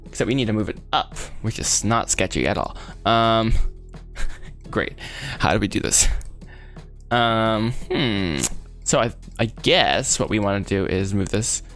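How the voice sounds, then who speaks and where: A man's voice: fairly low pitch, expressive, a little slow, a bit bright, faint music behind. A young man rambling casually and laughing often while he works on a 3D model and chats with viewers. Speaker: 3D artist streaming his work. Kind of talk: casual live chat while working.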